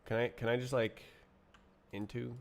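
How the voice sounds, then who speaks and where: A man streaming himself writing code, muttering to himself, puzzled and halting, with keyboard typing behind him. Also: medium pitch, flat delivery, creaky, a little hiss or hum. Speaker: streamer coding live. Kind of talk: casual livestream coding chat.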